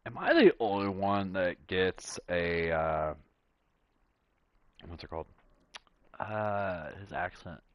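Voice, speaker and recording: Low-voiced guy rambling about a game, slow, lots of ums, dull dry mic. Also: dry recording. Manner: slow and halting, many fillers and pauses. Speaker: gameplay streamer. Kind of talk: casual commentary.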